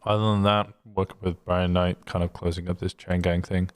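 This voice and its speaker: Brief: man, lowish voice, loose rambling roleplay cop, dry close mic. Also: little pitch movement, brisk, no echo. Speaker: police officer in a roleplay meeting. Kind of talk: casual roleplay chat.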